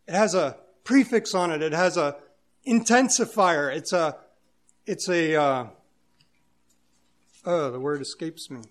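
A pastor with a high-pitched voice delivers an earnest sermon. He reads scripture aloud, then explains it with emphasis, now and then searching for a word. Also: unhurried, pauses often.

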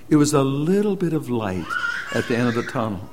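A man's voice: mid-range voice, very animated, slight background noise. Earnest male preacher telling a story. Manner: earnest, swings between loud emphasis and hushed, slow lines. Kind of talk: sermon storytelling.

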